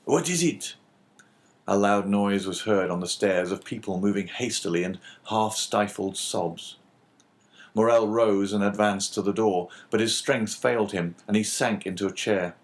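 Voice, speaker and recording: A man reads a classic novel aloud in a steady, measured way, fitting for an audiobook. His voice sits fairly low and even. The narration is unhurried and plainly told.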